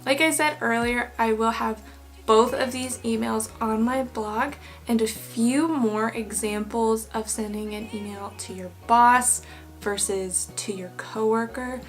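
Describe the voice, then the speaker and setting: A young woman teaching business English, explaining clearly and reading example emails aloud with patient care. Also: a little high. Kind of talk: online lesson explanation.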